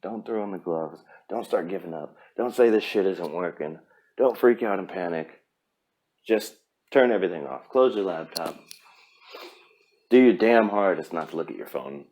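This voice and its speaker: A man's voice: sits low, animated, normal speed, a little mellow. Blunt, cussing male podcast host. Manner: blunt, profane, pep-talk delivery. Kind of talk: casual motivational podcast monologue.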